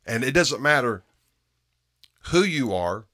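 A man's voice: mid-range voice, very animated, slow pace, pushed and bright. A man preaching a sermon in an earnest way, often repeating phrases and restarting his words for emphasis.

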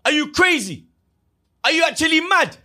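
A man's voice: very high voice, big pitch swings, moderate pace, bright, forceful tone. A man in heated football banter, taunting his rival and hammering the same lines over and over. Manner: taunting, repeats lines, slangy. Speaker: football fan debating.

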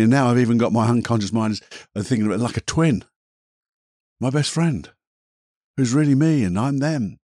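Gentle rambling male therapist, husky. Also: medium pitch, expressive, fairly quick, long pauses, dry recording, studio quality. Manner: gentle, rambling, self-correcting. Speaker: therapist podcast host. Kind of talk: reflective podcast monologue with guided imagery.

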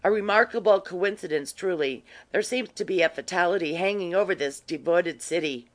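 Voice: medium pitch, normal speed, natural voice. A reader doing a teasing worldly earl. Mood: familiar. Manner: teasing, familiar. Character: worldly curious aristocratic earl, man. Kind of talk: audiobook reading.

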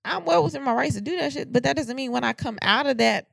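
A woman's voice: sits high, creaky, no room sound. A woman co-hosting a podcast, talking frankly and with plenty of swearing, often restarting her sentences in casual chat. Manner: frank, profane, halting restarts. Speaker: podcast co-host.

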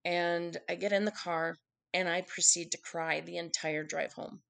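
A woman's voice: lowish voice, steady tone, unhurried, creaky, fairly bright tone. A woman candidly telling an emotional personal story in conversation, acting out the quotes of what people said. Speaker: guest telling her story.

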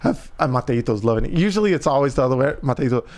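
A man in his thirties, co-hosting a podcast, telling a family story in casual, profane, animated chat. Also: mid-range voice, rapid-fire. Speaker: podcast co-host.

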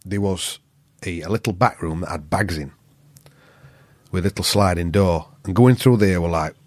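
A man's voice: sits low, normal speed, dry recording. Blunt, swearing Yorkshire man telling stories. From England. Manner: profane, blunt, animated storyteller. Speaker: guest. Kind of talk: casual storytelling chat.

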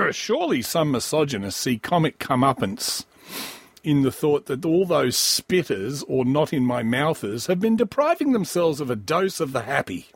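A man's voice: on the high side, sing-song, unhurried, vocal fry, slightly rough, no room sound. A man hosting a comedy podcast, riffing crudely and sardonically on a news story, wheezy and coughing often. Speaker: podcast host.

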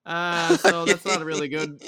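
A man hosting a podcast, recapping a hockey game in a rambling, animated way with lots of fillers and restarts. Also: a little high, normal speed, a crowd in the background. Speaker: podcast host.

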